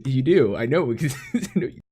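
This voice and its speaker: A man from Florida co-hosting a gaming podcast, telling stories in an animated way with frequent laughter. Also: medium pitch, fairly quick, a crowd in the background. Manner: animated storyteller, laughs often. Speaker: podcast co-host. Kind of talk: casual chat.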